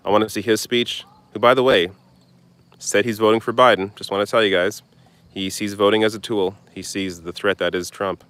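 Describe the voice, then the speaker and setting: A man's voice: lowish voice, fairly bright tone, clean tone. A young man hosting a casual live stream outdoors, answering viewer questions in a blunt, loose way. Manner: casual, blunt, swears and laughs off distractions. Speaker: political commentary host. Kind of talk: live stream Q&A reading chat.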